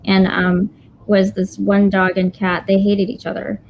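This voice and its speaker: A woman working as an animal medium who chats as a guest, telling animated stories and breaking into exclamations. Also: mid-range voice, measured pace, highs cut off, slight background noise. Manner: animated, exclamatory, acts out quoted voices. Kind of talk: casual conversation, storytelling.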